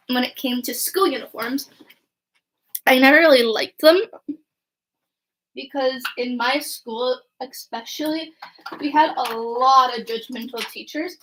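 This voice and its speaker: With slight background noise, a young woman vlogger speaks in a high, somewhat bright voice, unhurried and with long pauses. Her casual stories ramble along, packed with "like," "right?" and quoted dialogue.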